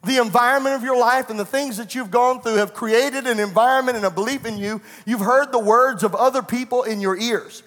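High-voiced preacher in an echoey hall. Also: male voice, brisk, hardly any pauses, a bit bright. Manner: storytelling, rising to fervent preaching. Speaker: pastor. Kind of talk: sermon. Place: church sanctuary.

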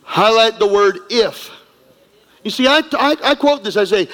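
Leading his congregation in call-and-response, a pastor delivers an emphatic, repetitive sermon in a church sanctuary, heard with long hall reverb. He has a high, expressive, slightly bright voice and doesn't hurry.

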